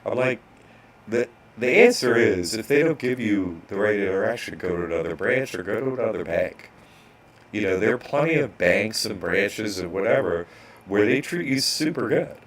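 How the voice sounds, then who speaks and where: A man's voice: on the low side, lively intonation, moderate pace. A man casually telling a rambling story as an online course instructor, restarting sentences and acting out bank clerks.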